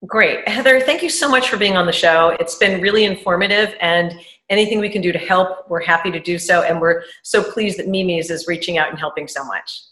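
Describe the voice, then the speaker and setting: A woman's voice: on the low side, fairly quick, fairly bright tone, roomy sound, rough recording. A woman from Manhattan co-hosting a show, chatty and enthusiastic, laughing often in a casual interview. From Upper East Side, Manhattan. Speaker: show co-host.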